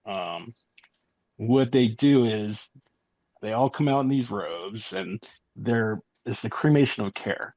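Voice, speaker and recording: A man speaking as an interview guest, telling his story in a halting, matter-of-fact way with many fillers. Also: fairly low pitch, dry recording, dull audio. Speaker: guest, eyewitness.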